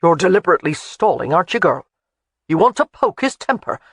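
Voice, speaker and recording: Old Highland man, gruff and teasing, voiced by the audiobook narrator; animated delivery, dry studio sound. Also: fairly quick, no echo, exaggerated voice. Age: older. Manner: blunt, scolding, folksy. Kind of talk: audiobook character voice.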